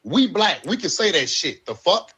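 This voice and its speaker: Blunt man with a high husky voice. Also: sing-song, moderate pace, sharp tone. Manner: blunt, heated, profane. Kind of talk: heated street talk.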